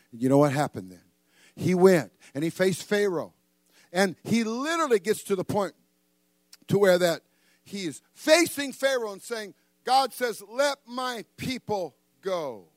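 Older male preacher, lively and humorous, fairly high voice, dry recording. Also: no echo. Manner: animated, joking, acts out voices with sudden loud bursts. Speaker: pastor. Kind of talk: sermon.

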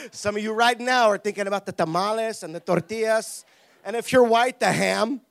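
A man preaching a lively sermon with humor, laughing often, shouting for emphasis and acting out the people in his stories. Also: sits high, moderate pace, gravelly. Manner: acts out quoted voices.

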